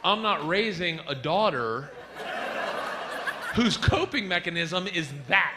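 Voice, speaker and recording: A middle-aged man doing a stand-up comedy set, telling stories loudly and acting out characters with sudden shouts. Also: high voice, big pitch swings, takes it slowly, pauses often. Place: comedy club stage with a live audience. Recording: live stage recording with audience noise.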